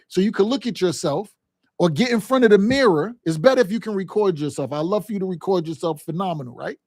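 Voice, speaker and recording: A male sales coach with a fairly high, mellow voice gives a motivational sales lesson in loose, casual vernacular, emphatically driving his points home and repeating himself. He addresses listeners directly with frequent "right?" and "okay?" and acts out quoted phone calls and family scenes in livelier voices. The recording is dry and close, with no room echo.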